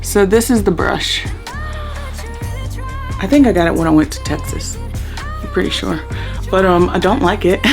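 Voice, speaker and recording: A woman doing a casual makeup chit-chat video, talking in a chatty, relaxed way with slangy asides. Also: on the low side. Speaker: beauty vlogger.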